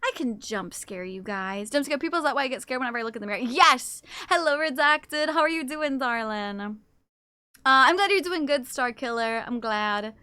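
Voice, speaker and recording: High, bright-voiced woman streamer. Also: lively intonation, a little fast, smooth, no echo. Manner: chatty, playful, reads chat aloud, swears casually. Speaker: livestreamer. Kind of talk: casual livestream chat.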